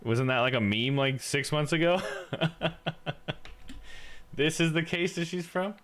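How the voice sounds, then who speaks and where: A man's voice: on the high side, a little slow, a bit bright. A man streaming a game live, chatting in a laid-back way, laughing and talking to his dog. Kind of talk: live game playthrough with read-aloud dialogue.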